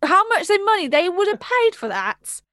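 A woman co-hosting a casual chat podcast from England, an animated storyteller who swears and laughs a lot. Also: very high voice, moderate pace, no room sound. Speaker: podcast co-host.

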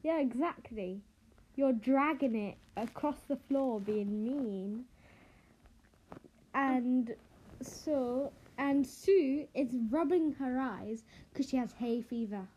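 A woman's voice: sits high, slow, dark tone, rough recording. A young woman hosting a casual podcast chat over a video call, giggly and teasing. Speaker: podcast host.

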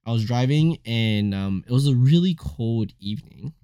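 A young man co-hosting a casual podcast chat, telling stories in an animated way, full of fillers and swearing freely. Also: medium pitch, normal speed, dry recording, studio quality. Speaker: co-host.

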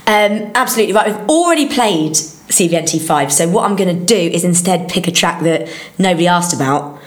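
A woman's voice: fairly low pitch, animated, normal speed, reverberant. A woman co-hosting a casual chat, reading out fan questions and joking freely. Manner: reads fan questions, swears and jokes freely. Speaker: co-host.

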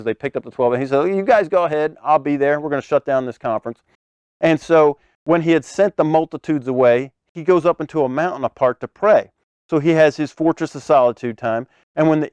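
A man preaching a conversational sermon, animated, acting out scenes with sudden loud bursts and laughing often between phrases. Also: a little high, clean tone, no room sound.

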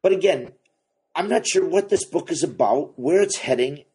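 A man co-hosting a casual comics podcast, excitable and profane, laughing often. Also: fairly high pitch, moderate pace, slight background noise. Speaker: podcast co-host, comic shop owner. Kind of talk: casual chat about comics.

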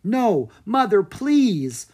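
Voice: mid-range voice, animated, moderate pace, voice pushed up, lightly acted. A narrator voicing an earnest young girl in a children's storybook, who talks in a pleading way.

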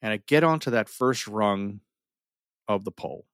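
Male storyteller, middle-aged, low voice, lively recounting with restarts and pauses; close, dry sound. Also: no room sound. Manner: animated, with many restarts and dramatic pauses. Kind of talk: personal storytelling.

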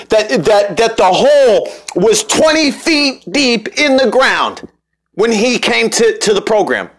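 Young male podcast host with a high voice, loose and joking, talks in restarts. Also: fairly bright tone. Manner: rambling, joking, frequent restarts and fillers. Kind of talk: casual sports podcast talk.

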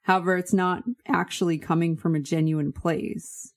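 A woman's voice: fairly low pitch, fairly even intonation, normal speed. A woman co-hosting a podcast, talking earnestly and giving advice in casual chat. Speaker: podcast co-host.

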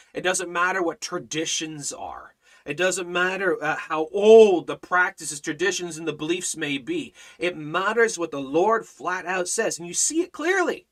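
A man's voice: on the high side, a bit bright. A man leading a livestreamed Bible study, preaching emphatically with repeated phrases and rhetorical questions, and reading scripture aloud in old-fashioned wording. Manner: reads scripture aloud in King James wording.

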